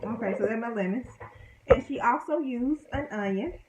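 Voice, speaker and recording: A woman's voice: a little high, normal speed, reverberant, very noisy. A woman making a casual home cooking vlog, chatting to her viewers in a self-deprecating way as she cooks in her kitchen.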